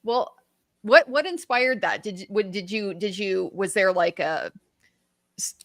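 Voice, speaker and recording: A woman hosting an interview, asking questions in a halting way with frequent restarts. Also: medium pitch, animated, a bit bright, no echo, studio quality. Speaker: host, interviewer. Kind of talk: conversational interview.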